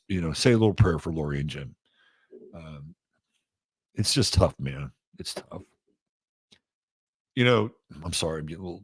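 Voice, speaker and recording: Male show host, deep voice, dry close sound, loose unscripted delivery with frequent pauses and restarts. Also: no room sound. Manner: halting, many fillers and restarts. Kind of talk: casual spoken monologue.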